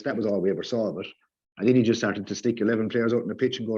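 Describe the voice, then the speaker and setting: A man's voice: lowish voice, racing, darkish tone, lo-fi sound, a little hiss or hum. A man giving a heated, sarcastic rant in a casual podcast chat. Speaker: podcast guest.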